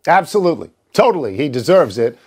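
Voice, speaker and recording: An older man with a fairly high voice argues sports bluntly and emphatically on a talk show. He hammers home his opinions and is quick to poke fun at himself. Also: sing-song, a little mellow, breathy edge. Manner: emphatic, blunt and self-mocking. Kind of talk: sports debate.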